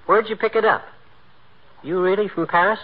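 A man's voice: high voice, fairly even intonation, normal speed. A man playing a boastful, penny-pinching husband who trades brash, teasing insults in a 1940s radio comedy. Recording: dull, hissy vintage radio broadcast.

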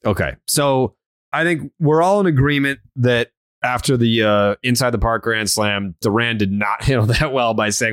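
A man's voice: mid-range voice, moderate pace, a bit bright, smooth, no room sound. A man hosting a casual sports podcast, blunt and swearing often, with many fillers and restarts. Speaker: podcast host.

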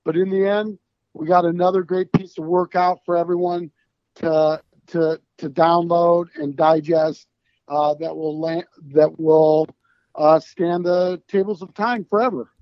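A man's voice: fairly high pitch, little pitch movement, unhurried, no room sound, dull audio. A man being interviewed as a band founder, talking in a rambling, emphatic way with plenty of swearing. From United States. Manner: rambling, emphatic and profane, with restarts. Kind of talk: casual podcast interview.

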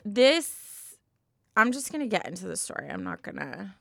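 A young woman chats on a podcast, dramatic and emotional, quick to laugh or tear up. Her pitch sits in the middle, and the sound is dry and close with no room behind her. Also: sing-song, vocal fry, no echo. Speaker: podcast co-host. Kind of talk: casual chat.

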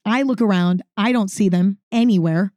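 A woman's voice: mid-range voice, normal speed, dry recording, clean studio sound. A woman hosting a podcast, telling a story in a casual, chatty way and saying "like" often. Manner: chatty, says "like" often, animated. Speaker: podcast host.

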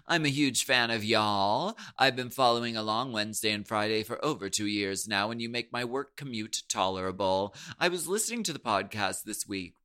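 A man's voice: lowish voice, moderate pace, few pauses, bright, forceful tone, clear, resonant tone. A man co-hosting a podcast in playful, giggly, joking chat. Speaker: podcast co-host. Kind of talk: casual comedic chat.

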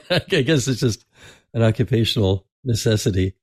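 A man hosting a podcast interview, talking casually with many restarts and throat clearing. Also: medium pitch, expressive, moderate pace, no room sound, studio quality. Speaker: podcast host.

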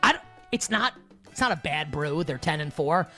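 A man's voice: on the high side, animated, normal speed, pushed and bright, faint music behind. A man co-hosting a sports betting podcast, chatting casually with frequent stammered restarts and laughs. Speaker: podcast co-host.

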